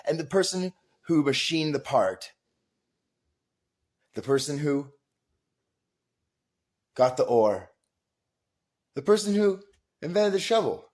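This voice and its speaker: A man hosting his own video, telling a rambling story in an emphatic, profane way. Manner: emphatic and profane, with big swings in pitch and loudness. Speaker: vlog host.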